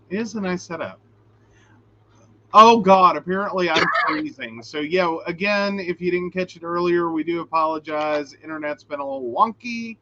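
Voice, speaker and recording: A man co-hosting a live-streamed show, telling stories in a chatty, animated way and reading out viewer questions. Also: sits high, a little hiss or hum. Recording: dull lo-fi stream audio.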